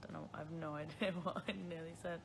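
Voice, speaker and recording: A low-voiced woman talks at a quick pace with fairly even intonation and some vocal fry, over background noise. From the Isle of Man and in her twenties, she has a British accent and answers viewer questions on a laid-back phone livestream, frequently laughing at herself.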